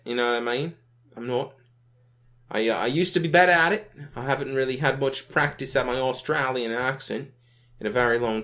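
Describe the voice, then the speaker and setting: A man's voice: mid-range voice, a bit bright. Young male gaming host, laid-back rambling delivery, ordinary mid-range voice. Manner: rambling and laid-back, keeps adding "you know what I mean", swears casually. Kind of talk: casual commentary on a browser game.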